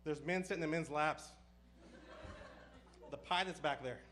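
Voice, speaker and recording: A man doing a stand-up comedy set, telling stories with deadpan punchlines. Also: a little high. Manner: deadpan punchlines, brisk storytelling.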